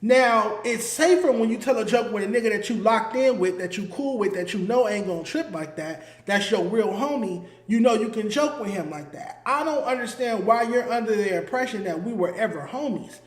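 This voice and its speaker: A man's voice: sits high, animated, moderate pace, hardly any pauses, echoey room. A man hosting his own commentary show, talking in a heated, emphatic way and hammering his points home through repetition. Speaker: host. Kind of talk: solo commentary.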